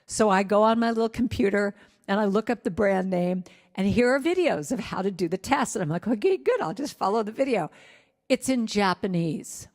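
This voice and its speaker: A woman's voice: mid-range voice, moderate pace, a little mellow, big-room sound. A woman guest speaker and singer telling a candid, self-deprecating personal story to a spiritual gathering. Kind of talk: sermon-style personal story. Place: spiritual center hall.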